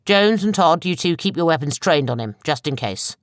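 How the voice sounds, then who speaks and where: A woman voicing a male sergeant major who speaks low, murmuring and soothing. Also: animated, normal speed, no room sound, studio quality. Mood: steady.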